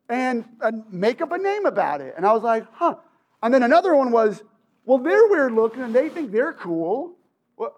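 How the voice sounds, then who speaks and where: Male storyteller with a high voice. Animated and conversational, keeps asking "right?". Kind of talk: personal storytelling.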